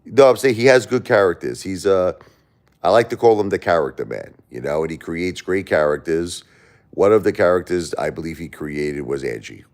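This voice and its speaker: A man with a Brooklyn accent hosting a livestream, chatting casually with viewers and telling animated, rambling stories that often repeat themselves. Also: deep voice, normal speed. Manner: animated, rambling storyteller who repeats himself. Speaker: livestream host. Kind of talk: casual chat answering viewers.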